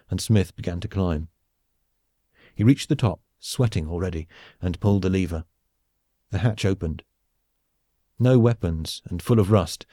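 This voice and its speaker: A man reads a comic science-fiction audiobook in a measured, wry storytelling manner. His voice is low and mellow, recorded dry and close with no room sound. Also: no echo. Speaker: audiobook narrator. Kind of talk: scripted narration.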